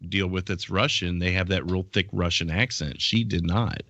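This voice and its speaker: A man's voice: deep voice, normal speed, a bit bright, no echo. A man calling into a live show, chatting casually with easygoing, chuckling asides over lo-fi call audio. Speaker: regular guest on a call. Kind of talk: casual chat.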